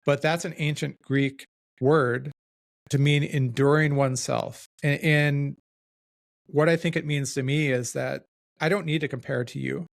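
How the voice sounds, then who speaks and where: Podcast host: man, gravelly voice, reflective and self-deprecating, casual, dry close sound. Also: on the high side, fairly even intonation, measured pace, dry recording. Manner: reflective, self-deprecating, talks in loose restarts.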